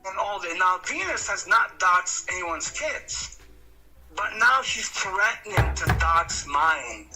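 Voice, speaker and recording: A man's voice: sits high, expressive, takes it slowly, sharp tone, soft background music, poor audio. A man ranting accusingly on a livestream that is played back. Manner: accusatory, emphatic.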